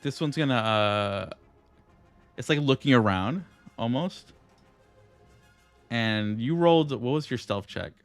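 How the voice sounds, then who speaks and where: A man running a tabletop game as game master, halting and full of fillers and checking questions. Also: medium pitch, expressive, faint music behind. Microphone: streaming setup.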